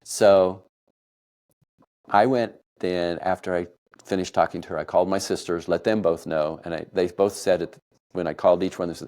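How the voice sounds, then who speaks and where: Deep-voiced man telling a family story. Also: fairly even intonation, moderate pace. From Kansas. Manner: warm, emotional retelling with soft laughs. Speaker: podcast storyteller. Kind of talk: personal storytelling.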